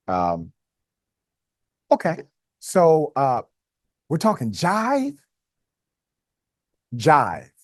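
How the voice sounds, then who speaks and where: A man hosting a political commentary show, talking casually with wry, animated reactions. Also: on the low side, no room sound, clean studio sound. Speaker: host.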